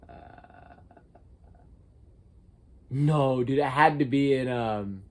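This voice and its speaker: Jokey young American guy telling stories. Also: drawn-out words. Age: young adult. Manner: jokey, swings from loud squeaky outbursts to low mutters. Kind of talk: casual storytelling vlog.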